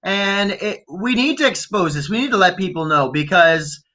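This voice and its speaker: A man's voice: sits high, normal speed. A man from Canada co-hosting a casual conspiracy podcast, talking loosely and swearing often. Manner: animated, swearing, mock accents. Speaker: podcast co-host.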